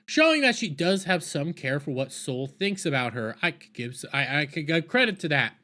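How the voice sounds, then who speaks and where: A man's voice: on the high side, sing-song, normal speed, few pauses, bright, forceful tone. A man reviewing a series on his channel, rambling through a casual episode recap with stammers, repeated words and wry asides. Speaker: video reviewer.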